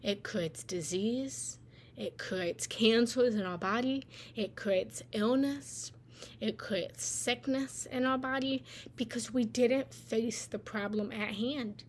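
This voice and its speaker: Higher-voiced woman teaching, conversational. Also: slow pace, slight background noise. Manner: conversational, tags lines with "right?". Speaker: meditation and spiritual teacher. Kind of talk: live guided talk on feelings.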